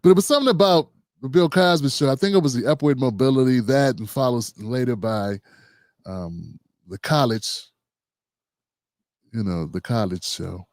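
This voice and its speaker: A man in his fifties, co-hosting a podcast panel, talking reflectively with frequent pauses and fillers. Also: medium pitch, a little mellow, no room sound, clean studio sound. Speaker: podcast co-host. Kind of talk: panel discussion.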